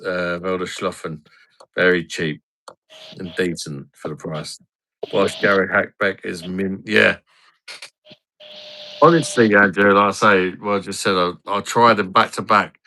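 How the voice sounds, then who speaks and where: Guy hosting a live stream, gravelly, blunt and crude, reading out chat comments. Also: on the low side, sharp tone. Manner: reads viewer comments aloud, blunt, crude banter. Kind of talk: casual pub-style live stream chat.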